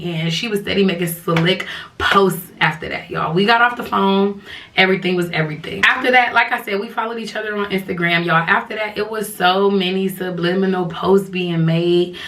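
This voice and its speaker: A woman's voice: mid-range voice, fairly bright tone, recorded from a distance. Chatty slangy woman telling a story. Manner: slangy, chatty, addresses viewers as y'all. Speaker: storytime vlogger. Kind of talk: casual storytelling to viewers.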